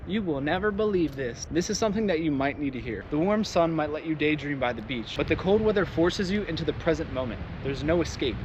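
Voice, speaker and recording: A man vlogs from a windy mountaintop, joking and rambling in an easygoing way. His voice sits fairly high for a man, and cold slows his speech a little. Loud wind noise batters the recording outdoors. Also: animated, lo-fi sound. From Southern United States. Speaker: vlogger. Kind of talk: casual vlog talk.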